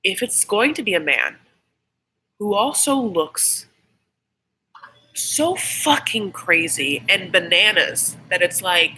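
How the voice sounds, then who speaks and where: Chatty woman with a bright, forceful voice. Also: mid-range voice, lively intonation, slow, long pauses, a little hiss or hum, poor audio. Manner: chatty and rambling, swears freely. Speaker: YouTube host doing a live episode reaction. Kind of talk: casual live reaction chat.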